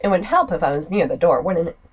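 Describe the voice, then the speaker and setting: Lively woman doing game commentary. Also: fairly low pitch, quick pace, slightly rough, lo-fi sound. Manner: chatty, joking asides. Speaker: gamer. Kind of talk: let's play commentary.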